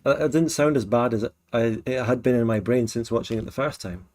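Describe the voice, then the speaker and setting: A man's voice: mid-range voice, a little fast, darkish tone, no room sound. Musing man hosting a live stream. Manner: musing, trails off and restarts sentences. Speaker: stream host. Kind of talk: casual live-stream chat.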